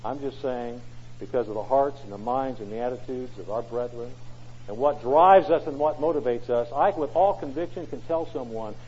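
A man's voice: medium pitch, normal speed, darkish tone, slightly rough. A man preaching a sermon in an emphatic way, often asking rhetorical questions. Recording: dull lo-fi recording.

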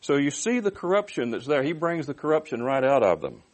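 A man's voice: a little high, sing-song, a little fast. A man preaching through a Bible passage, reading verses aloud and explaining them in plain, conversational terms. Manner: reads scripture aloud then explains it, with restarts and asides. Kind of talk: expository Bible teaching.

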